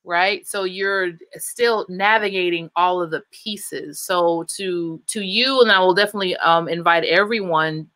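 Woman, panel moderator, bright forceful voice, dry close sound, long winding questions, frequent restarts. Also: fairly low pitch, measured pace, hardly any pauses, no echo, rough recording. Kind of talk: moderating a live panel discussion.

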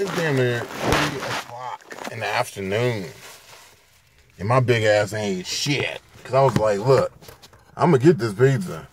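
A sleep-deprived man hosts a casual food review vlog from a parked car, talking into his phone and gushing over the food with excitable profanity. His mid-range voice is a little slow, with slight background noise.

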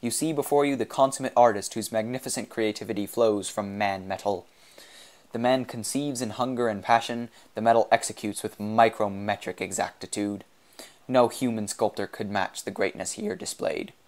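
A mad half-machine sculptor of a man, proud and theatrical, drawing out his words, as a male reader puts him on. The voice sits fairly low. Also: darkish tone, lightly acted. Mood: grandiose. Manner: grandiose, theatrical, slow and drawn out.

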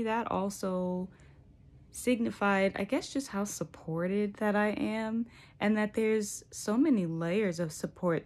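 A woman's voice: medium pitch, darkish tone. A young woman telling a personal spiritual story in a casual, reflective way, full of likes and you knows. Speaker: vlogger sharing a spiritual journey.

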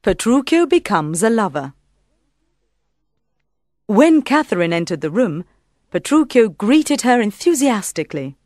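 A woman narrating a storybook audiobook in a calm, clear reading voice. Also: on the high side, a little slow, pauses often, no echo, clean studio sound.

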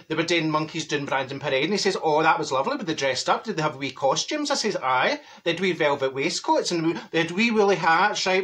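A man's voice: fairly high pitch, a bit bright. A man playing a chatty, gossipy middle-aged Glaswegian woman with a broad Glaswegian accent, telling rambling comic stories full of malapropisms. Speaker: comedy character monologue. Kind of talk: comedic storytelling monologue.

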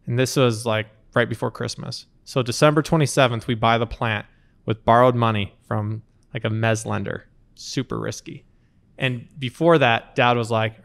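A man in his thirties, an interview guest, telling lively anecdotes in conversation and acting out quotes along the way. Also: mid-range voice, normal speed, gravelly. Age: 30s. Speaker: company co-founder, interview guest. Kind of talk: conversational storytelling.

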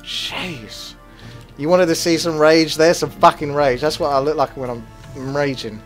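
A man commentating his own strategy game as he plays it, swearing freely and flaring into loud rage before calming down again. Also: fairly high pitch, normal speed, faint music behind. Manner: swears a lot, flares into loud rage then calms. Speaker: gaming commentator. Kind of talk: gameplay commentary.

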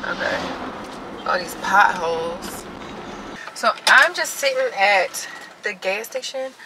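A woman and mom of three vlogging casually to her viewers, chatty and animated, laughing often, filming on a phone from her car and out shopping. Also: mid-range voice, slow, noisy background. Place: in a car, later inside a large store. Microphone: phone on a car mount.

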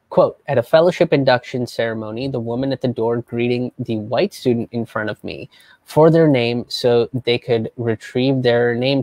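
A young man hosting a live stream as a comedian, talking in a casual, animated, profane way and slipping into mocking voices. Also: mid-range voice, no echo. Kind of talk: casual livestream commentary.

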